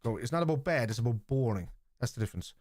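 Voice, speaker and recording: A man's voice: medium pitch, lively intonation, rapid-fire, darkish tone, no echo, studio quality. An Irish man in his forties, hosting a football watchalong stream and lecturing his chat in an argumentative way. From Ireland. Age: 40s. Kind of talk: live stream chat reply.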